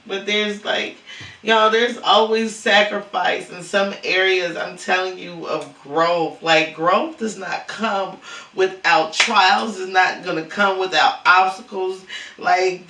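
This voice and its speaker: A man talks through his grief in a halting vlog, stumbling over his words and circling back to them. His voice sits high and bright. He is recorded from a distance in an echoing room. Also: steady tone, creaky. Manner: halting, stammering, repeats words. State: grieving, cried out. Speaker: lifestyle vlogger. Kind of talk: emotional vlog monologue. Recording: roomy echo, far from mic.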